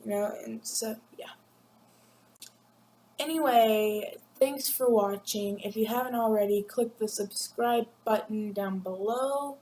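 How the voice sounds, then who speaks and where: A teenage girl rambling and giggling through a casual vlog, acting out classmates in quick voices. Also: fairly high pitch, warm tone, slight background noise. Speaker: vlogger. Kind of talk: casual chat to camera. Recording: echoey room with faint ambience.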